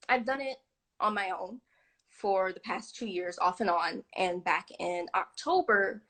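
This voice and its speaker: A woman's voice: mid-range voice, fairly bright tone. A woman in her thirties, a guest chatting on a video call, with lots of ums and frequent laughs. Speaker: interview guest. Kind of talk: casual video-call interview.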